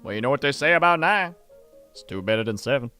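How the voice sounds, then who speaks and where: An easygoing, friendly young guy with a relaxed, slightly deep drawl, as a man puts him on. His pitch rises a little above his own voice and swoops around lively. He sounds somewhat set back from the mic. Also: quick pace, smooth, soft background music.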